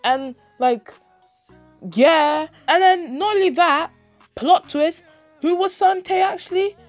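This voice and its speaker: A woman's voice: extremely high pitch, slow pace, dry recording, faint music behind. A young woman telling a story to her vlog audience, dramatic and swearing, acting out her own reactions. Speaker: YouTube vlogger. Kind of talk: animated storytime retelling.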